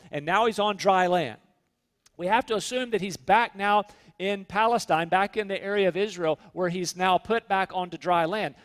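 A man preaching a sermon as pastor, earnest, slowing down to stress key points. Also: high voice, big-room sound. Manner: earnest preaching, slows for emphasis.

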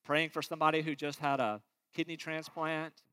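A middle-aged man delivers a sermon with a high, bright, forceful voice. He preaches earnestly, pushing loud on key words and sinking into quiet, low asides. His tone stays sincere throughout. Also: level tone, moderate pace, clear, resonant tone. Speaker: pastor.

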